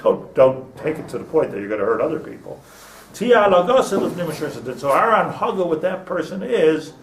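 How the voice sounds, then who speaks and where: An older man, a rabbi, giving an informal class in a conversational, digressive way, full of stories and Hebrew terms. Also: mid-range voice. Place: classroom with small group. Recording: echoey room, distant mic, faint noise.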